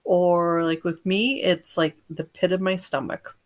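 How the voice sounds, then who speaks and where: An American woman hosting a livestreamed energy-healing session, chatting casually, greeting viewers by name and giving gentle instructions. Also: lowish voice, fairly even intonation, measured pace.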